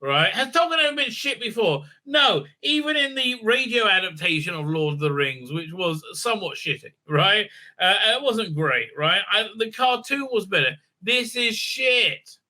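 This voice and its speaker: A man hosting a scathing review of a TV episode, talking in a bright, sharp voice pitched a little high. His delivery is sarcastic and profane, peppered with "uh, uh" fillers, and his pitch swings up for mocking asides. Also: lively intonation, normal speed, few pauses. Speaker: show host reviewing a TV episode. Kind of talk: ranting recap and review.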